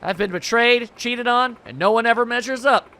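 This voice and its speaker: A man voicing a lovesick, heartbroken young woman in a video game, reading her lines in a lowered, subdued tone. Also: normal speed, sharp tone. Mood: glum.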